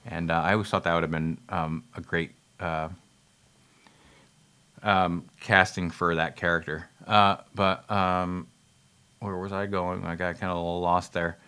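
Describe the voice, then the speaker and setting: Low-voiced man rambling about a film. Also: flat delivery, unhurried, sharp tone, clear, resonant tone. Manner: rambling, many fillers and restarts, laughs at himself; swears casually. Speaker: film reviewer. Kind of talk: rambling casual movie talk.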